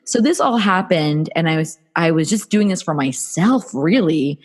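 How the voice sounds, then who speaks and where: A woman's voice: deep voice, expressive, moderate pace. A woman from New Jersey in her thirties, a podcast guest telling her own story candidly in casual talk. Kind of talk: casual interview.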